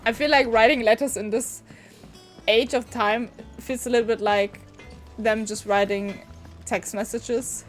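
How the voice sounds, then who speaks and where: Streamer: sniffly woman, friendly rambling talk to chat, fairly high voice, soft music under. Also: fairly even intonation, a little slow. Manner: chatty and rambling, talks to chat. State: sniffly, getting a cold. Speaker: game streamer. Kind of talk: casual livestream commentary.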